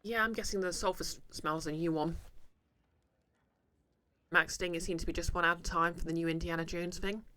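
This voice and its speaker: A man's voice: fairly high pitch, steady tone, moderate pace, long pauses, sharp tone, smooth, no echo. A man streaming a game, chatting casually and jokingly while reading the game text aloud.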